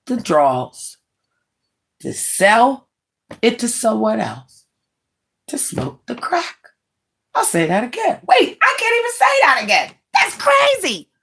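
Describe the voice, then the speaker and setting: A woman in her late forties rants bluntly on her livestream, scornful and mocking, breaking into laughing asides. Her voice is medium-pitched and a bit bright.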